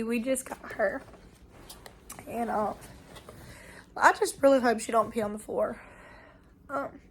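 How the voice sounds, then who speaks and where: Young woman, hoarse and short of breath, chatty vlog storyteller with a slightly high voice. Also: fairly even intonation, slight background noise. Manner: chatty, storytelling, quick asides. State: hoarse and winded from bronchitis. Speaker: vlogger. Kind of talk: casual chat to camera.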